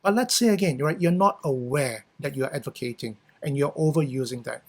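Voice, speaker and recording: Speaking a little fast in a fairly high voice, a middle-aged Singaporean English speaker leads a workshop on communication. His delivery is conversational, full of "you know" and "right?".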